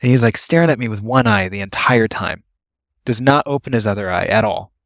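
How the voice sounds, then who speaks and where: A man's voice: lowish voice, fairly quick, dry recording. A young man, an ambulance worker, telling work stories in a casual podcast chat, laughing often and acting out the people he quotes. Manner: animated storyteller, laughs often, acts out quotes. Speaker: guest, ambulance AEMT.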